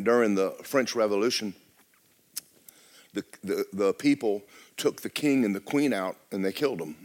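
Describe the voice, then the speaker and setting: A pastor delivers a sermon in a rather low voice, veering between loud exclamations and hushed lines that drop almost to a whisper.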